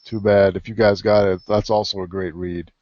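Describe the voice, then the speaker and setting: A man interviewing a guest in a relaxed, casual way, recommending books to listeners. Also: fairly low pitch, moderate pace, no echo. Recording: dry, dull lo-fi audio.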